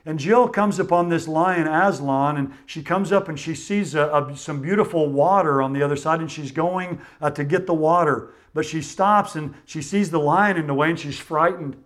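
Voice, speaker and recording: A man preaching a sermon, earnest and measured, often dropping quietly at the ends of phrases. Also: a little high. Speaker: pastor.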